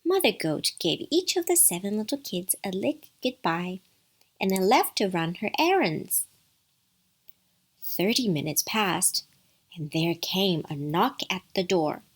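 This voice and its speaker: A woman's voice: mid-range voice, big pitch swings, a little slow, breathy edge. A woman narrating a bedtime story with playful asides to the listener.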